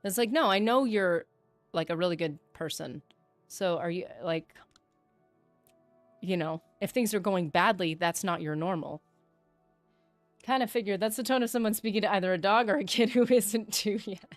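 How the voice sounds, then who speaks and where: A woman's voice: mid-range voice, normal speed, long pauses, no room sound, faint music behind. A woman streaming a game, chatting with her viewers in a reflective, talkative way. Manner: chatty and reflective, reads chat aloud. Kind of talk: casual livestream chat.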